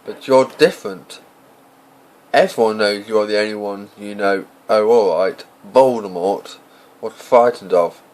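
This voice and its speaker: A man voicing a stern, impatient older woman professor in an amateur audiobook reading, speaking in a brisk, clipped and exasperated way. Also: on the low side, darkish tone, natural voice, rough recording.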